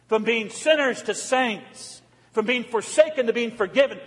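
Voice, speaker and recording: A man preaching a sermon as pastor, emphatic, asking the congregation repeated rhetorical questions. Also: sits high. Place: church sanctuary. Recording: long church reverb.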